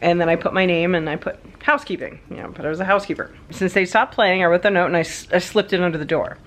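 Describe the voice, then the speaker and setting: A woman's voice: lowish voice, fast talker. Chatty woman vlogger telling a story. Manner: chatty, animated, laughs often, many asides. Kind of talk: casual storytelling to camera.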